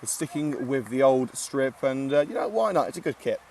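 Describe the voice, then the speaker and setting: A man's voice: medium pitch, sing-song, a little fast, a little mellow, far from the mic, slight background noise. A man giving casual live commentary at an outdoor football ground, chatty and joking with lots of filler "uh"s. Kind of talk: live amateur match commentary.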